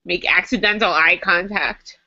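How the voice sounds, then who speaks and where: A woman's voice: fairly low pitch, moderate pace, pushed and bright. A woman guest in a casual recorded chat, giggly and chatty, with lots of "like" in her speech. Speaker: guest, erotica writer and editor. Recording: dull lo-fi web recording.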